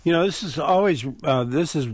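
A man hosting a public radio call-in show, relaxed and chatty, laughing easily. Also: a little high, fairly quick, no room sound. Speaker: radio talk show host. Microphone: studio microphone.

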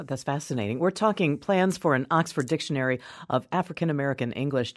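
A woman from Wisconsin hosting a radio interview, curious and quick to laugh, stumbling into her questions. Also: extremely low pitch, no echo, studio quality. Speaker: radio host.

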